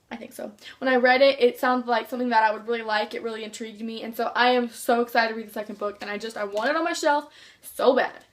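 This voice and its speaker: High-voiced gushing teenage girl. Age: teens. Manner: gushing, rambling with restarts. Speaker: book vlogger. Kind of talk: casual chat to camera.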